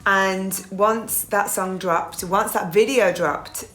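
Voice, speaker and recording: A woman's voice: mid-range voice, fairly even intonation, slow pace, reverberant. A woman in her forties from England, a singer chatting in an interview and telling stories. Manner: chatty, warm-hearted storytelling with laughs. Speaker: guest singer. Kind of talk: casual interview chat.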